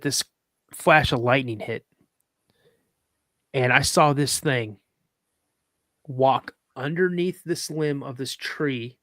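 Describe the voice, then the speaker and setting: A man tells a long story in loose, casual talk, stumbling through restarts and fillers as he goes. His voice sits at an ordinary middle pitch. The recording is close and dry, with almost no room sound. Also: fairly bright tone, dry recording. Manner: rambling, with many restarts and fillers; acts out other people's lines in a raised voice. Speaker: podcast guest.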